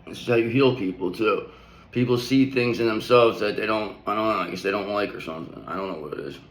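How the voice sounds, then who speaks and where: A man's voice: lowish voice, fast, fairly bright tone, roomy sound, low-quality recording. A man giving a casual spiritual tarot reading, talking in a loose, rambling, slangy way with frequent check-ins to the listener. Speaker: tarot reader.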